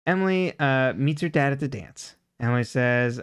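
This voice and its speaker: A man's voice: medium pitch, moderate pace, few pauses, clean tone, no echo, clean studio sound. A man co-hosting a podcast, rambling through a casual episode recap with lots of fillers. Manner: rambling, filler-heavy storytelling. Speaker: podcast co-host.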